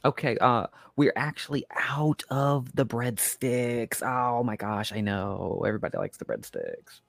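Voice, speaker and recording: A man's voice: medium pitch, big pitch swings, unhurried, creaky, no echo, voice pushed up. A man playing a careless, chirpy restaurant waiter in an improvised comedy scene. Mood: breezy. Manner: breezy, unbothered, sing-song.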